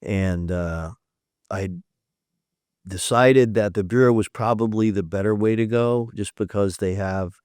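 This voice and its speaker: Man, fifties, podcast guest, candid storyteller, deep-ish voice, quotes people as he goes. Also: darkish tone, clean tone, no echo, clean studio sound. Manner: retells events by acting out quoted dialogue; candid and matter-of-fact, with some fillers. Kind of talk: storytelling in a conversational interview.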